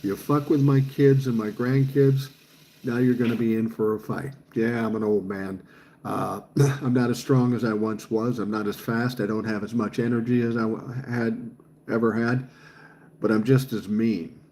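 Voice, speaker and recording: A man's voice: medium pitch, fairly even intonation, normal speed, warm tone. A man in his sixties hosting a livestream, reading viewer comments aloud and answering them in a blunt, profane, fired-up way. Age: 60s. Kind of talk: casual chat.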